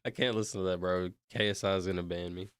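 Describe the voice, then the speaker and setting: A man's voice: low-pitched, steady tone, fast talker, clear, resonant tone. A young man streaming, chatting casually in a rambling, slangy way and calling people bro. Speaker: streamer counting out loud. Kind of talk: casual livestream chat.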